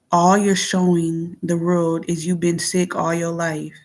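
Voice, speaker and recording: A woman venting in a casual monologue into her phone, blunt and heavily profane, moving between heated outbursts and low murmurs. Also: little pitch movement, measured pace, a little mellow. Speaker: vlogger.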